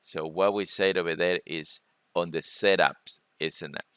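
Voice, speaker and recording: A man presenting a trading webinar, talking through charts in a halting way and often repeating words. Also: low-pitched, steady tone, fairly bright tone, smooth, no echo. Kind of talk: screen-share trading lesson.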